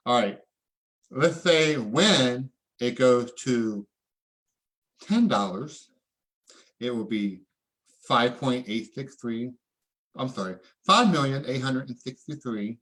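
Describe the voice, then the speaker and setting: A man presenting at a live online event, excitable and preachy, calling on viewers to answer in the chat. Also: mid-range voice, a little slow, pauses often. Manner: excitable, preachy, calls for audience responses.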